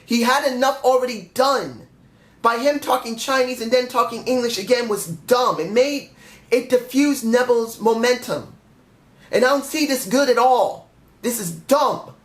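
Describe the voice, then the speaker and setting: A man's voice: extremely high pitch, normal speed, a bit bright. A man reviewing a wrestling show on his own, ranting in frustration and stopping to correct his own slips. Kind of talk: solo review rant. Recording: echoey room.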